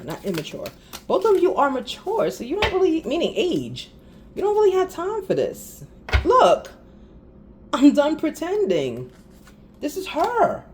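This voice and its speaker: A woman's voice: fairly high pitch, darkish tone, a little hiss or hum. A woman doing a casual spiritual card reading, talking straight to viewers with laughs and exasperated asides. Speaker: tarot reader.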